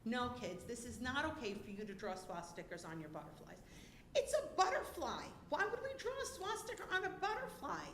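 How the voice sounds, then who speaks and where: A woman's voice: fairly high pitch, big pitch swings, brisk, fairly bright tone, reverberant, slight background noise. A woman speaking as a parent at a school board meeting's public comment, upset and indignant, near tears, her voice climbing and cracking. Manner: emotional, indignant, voice rising and cracking.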